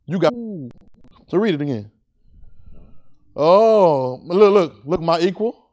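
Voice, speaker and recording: A man's voice: high-pitched, expressive, slow, darkish tone. Dynamic call-and-response preacher man. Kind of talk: sermon.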